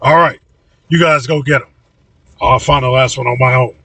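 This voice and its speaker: A man's voice: medium pitch, steady tone, normal speed, a bit bright, dry recording, distant mic, lightly acted, poor audio. A man voicing a determined, impatient young man in an audiobook reading. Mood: brisk.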